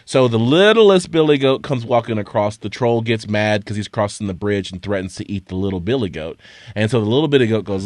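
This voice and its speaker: A man's voice: on the low side, a little fast, no echo. Dry-voiced man telling a story. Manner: animated storyteller, stammers when pressed. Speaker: podcast co-host. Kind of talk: casual sports chat. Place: studio.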